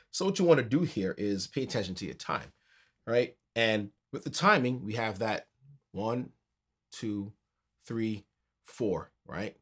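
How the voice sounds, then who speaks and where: A man teaching a keyboard tutorial in a relaxed, conversational way, counting beats aloud as he plays. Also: mid-range voice, normal speed, breathy edge. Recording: piano music under the voice.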